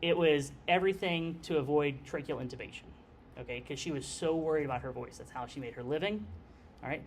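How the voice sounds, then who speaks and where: A man's voice: a little high, a little fast, a little hiss or hum. Conversational man lecturing on anesthesia. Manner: conversational, checks in with frequent "okay". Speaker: nurse anesthesia instructor. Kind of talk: classroom lecture.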